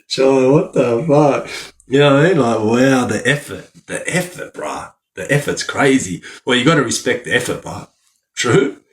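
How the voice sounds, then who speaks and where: A man's voice: mid-range voice, expressive, normal speed. A young Australian man chatting casually on a live stream, laughing often and talking in heavy slang. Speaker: livestreamer.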